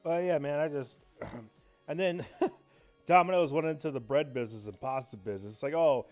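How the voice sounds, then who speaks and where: A man's voice: mid-range voice, moderate pace. A man chatting casually while streaming a game, rambling and swearing, with faint game music behind him. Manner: rambling, profane, excitable. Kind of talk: casual chat while gaming.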